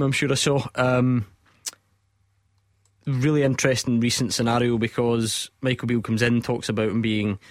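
A man's voice: mid-range voice, dry recording, clean studio sound. A man hosting a sports radio phone-in, chatty and jokey, often breaking into laughter.

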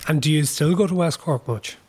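A man's voice: on the high side, fairly quick, a little mellow, husky. A man hosting an interview, asking long framing questions in a conversational way. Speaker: podcast host.

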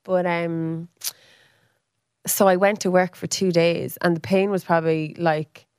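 A woman's voice: steady tone, a little slow, darkish tone, smooth, dry recording, clean studio sound. Chatty woman in her thirties. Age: 30s. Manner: chatty, acts out quoted speech with big pitch jumps. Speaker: podcast guest. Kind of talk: casual storytelling.

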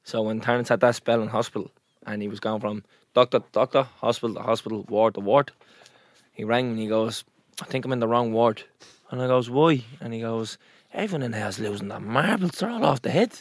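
A man's voice: mid-range voice, brisk, no room sound, studio quality. A man, a podcast co-host, telling stories in casual chat and laughing often. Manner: animated storytelling with laughter.

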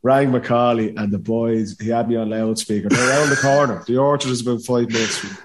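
Irish man telling a lively story. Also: medium pitch, a little fast, heavy background noise. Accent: Dublin Irish. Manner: animated anecdote with laughter and acted quotes. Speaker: podcast guest, former footballer. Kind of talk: casual storytelling.

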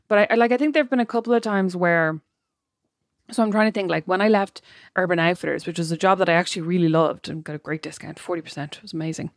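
A woman's voice: deep voice, no room sound, clean studio sound. An Irish woman co-hosting a podcast, chatting casually and rambling through personal anecdotes. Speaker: podcast co-host. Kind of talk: casual chat.

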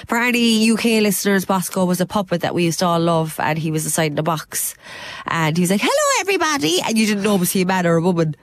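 An Irish woman with a Cork accent and a blocked-up nose, hosting a podcast and telling stories in a chatty, animated way. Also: on the low side. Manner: chatty, animated storyteller, quick laughs. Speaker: podcast co-host. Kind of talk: casual chat.

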